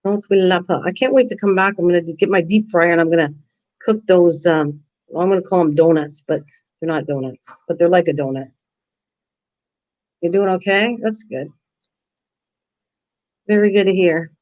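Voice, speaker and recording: An older woman hosts a casual craft live stream in dull lo-fi audio, rambling chattily and answering viewers' comments by name. Her voice is on the low side and darkish, moderately paced with long pauses.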